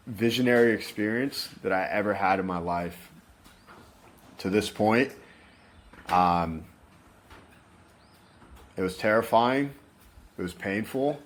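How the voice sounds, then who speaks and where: A young man with a somewhat low voice is a guest on an interview. He tells his story in a candid, rambling style, swears freely, and leans on "like" and "you know". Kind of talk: casual storytelling.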